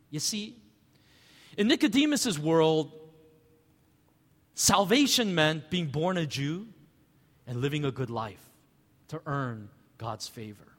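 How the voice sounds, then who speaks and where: A male pastor preaching in a conversational, animated way, tossing out rhetorical questions. His voice sits fairly high for a man and moves with a lively rise and fall. A long reverb trails behind him, as in a large hall. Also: measured pace, long pauses. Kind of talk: sermon.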